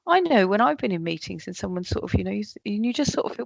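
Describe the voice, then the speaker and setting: Speaking quickly with some vocal fry, this woman runs a leadership workshop at a medium pitch. She keeps things lively by performing the words of colleagues she quotes, and the audio has no room sound.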